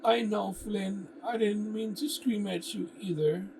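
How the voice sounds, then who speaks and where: A man's voice: high voice, fairly even intonation, gravelly, darkish tone, voice pushed up. A man reading aloud voices a nervous, apologetic young woman who speaks in a hurry. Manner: hurried, apologetic. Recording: distant mic with background noise.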